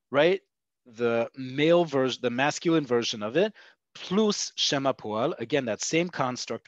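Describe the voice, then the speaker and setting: A man of ordinary pitch walks learners through grammar in a patient, methodical way, checking in often. His voice comes through a dull, lo-fi video call with a close, dry sound. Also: dry recording. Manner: patient, explains step by step with frequent "okay" and "right?". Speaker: Hebrew teacher. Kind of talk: online language lesson. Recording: dull, lo-fi webinar audio.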